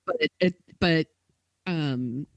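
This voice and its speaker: A woman's voice: deep voice, slow, vocal fry, no echo, lo-fi sound. A woman co-hosting a podcast, telling a story in casual chat with lots of "like" and quoted dialogue. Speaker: podcast co-host.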